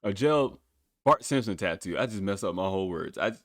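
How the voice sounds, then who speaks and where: A man's voice: fairly low pitch, lively intonation, brisk, no room sound, clean studio sound. A man hosting a podcast, reacting to a music video in casual, blunt, profane talk, often breaking into incredulous laughter. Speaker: podcast host.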